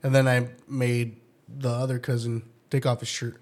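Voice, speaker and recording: A young man with a mid-range voice chatting easily with a friend. He is relaxed and often trips over the start of his sentences. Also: medium pitch, normal speed, heavy background noise. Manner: laid-back, stammering restarts, laughs often. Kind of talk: casual chat.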